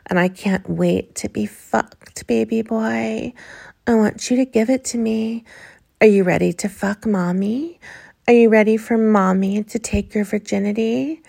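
Woman, sultry intimate role-play, breathy and husky, a bit of vocal fry, close to the mic. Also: a little high, unhurried. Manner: sultry, coaxing and breathy, with soft moans. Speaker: erotic audio performer.

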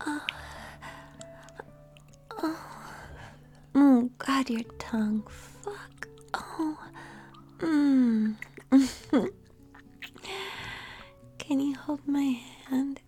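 Slow whispered role-play, young woman. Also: high voice, dark tone, soft background music.

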